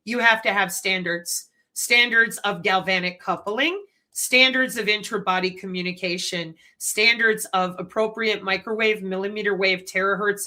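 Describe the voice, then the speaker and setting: Bright-voiced woman lecturing to her channel. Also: mid-range voice. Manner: animated, conspiratorial lecturing with rhetorical questions. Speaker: channel host. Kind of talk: commentary.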